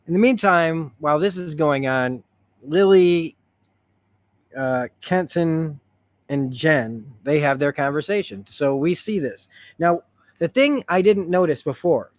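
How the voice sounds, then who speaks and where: A man talks through a TV episode in a loose stream of consciousness, getting worked up as he retells it. His voice sits a little high for a man. The sound is dry and close, with no room around it. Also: unhurried, no echo. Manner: rambling, excitable, retells scenes. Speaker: show reviewer.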